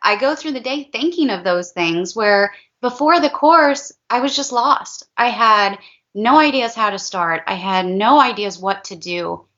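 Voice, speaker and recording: A woman's voice: on the high side, unhurried, a bit bright, lo-fi sound. A woman, a parent of a child with special needs, talking in an interview in an earnest, heartfelt way and repeating herself for emphasis. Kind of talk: emotional testimonial interview.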